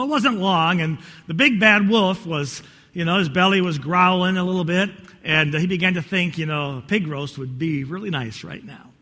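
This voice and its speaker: A male pastor preaching a sermon, telling a story in an animated, folksy way with many restarts, in a church. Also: high-pitched. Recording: echoey hall.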